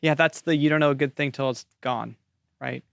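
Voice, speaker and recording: A man on a podcast making quiet, brief remarks of agreement. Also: mid-range voice, brisk, vocal fry.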